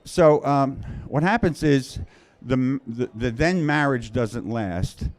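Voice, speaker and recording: A man's voice: medium pitch, slow pace. A man from Queens, telling a personal story live in a wry, conversational, self-mocking way. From Queens, New York.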